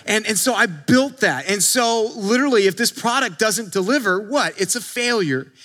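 Guy pastor preaching, high bright voice, chatty, lots of restarts. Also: expressive, normal speed. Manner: conversational, with many restarts and acted-out quotes. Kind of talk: sermon.

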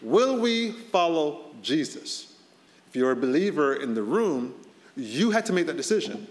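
A man's voice: on the high side, big pitch swings, a little slow. A man, a pastor, preaching a sermon in a conversational way, his voice rising to stress key points. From Boston area. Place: church hall. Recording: long hall reverb.

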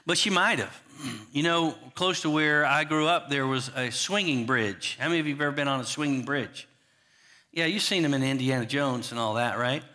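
A pastor delivers a chatty sermon, repeatedly restarting, saying "you know," and questioning his listeners. His mid-range voice moves at normal speed and sounds bright and forceful.

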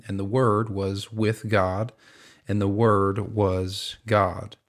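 A man hosting a podcast teaching Bible Greek, earnest and measured, slowing down to quote scripture. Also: lowish voice.

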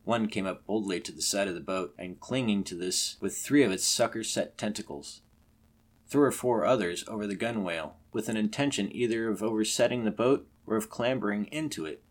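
A man with a fairly low voice reads a classic adventure tale aloud. His delivery is measured and dramatic, shaping each sentence of the narration with care. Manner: measured, dramatic reading with acted outbursts for the characters. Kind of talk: scripted narration of a classic story.

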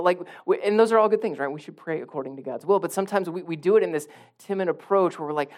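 A male pastor preaching a sermon, swinging from soft near-whispers to loud emphatic bursts and repeating phrases for emphasis. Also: high voice, fast talker, few pauses.

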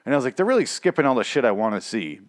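Speaking very fast with big swings in his medium pitch, a podcast host rambles through a show recap alone, cursing and cracking jokes. Singing days ago has left his voice strained and unsteady, and it's captured in clean studio sound with no echo.

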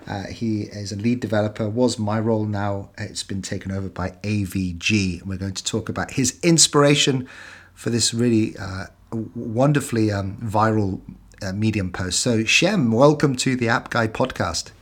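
A man's voice: fairly low pitch, moderate pace. Man, podcast host, casual interview, chatty and upbeat. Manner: upbeat, chatty, laughs while reading aloud.

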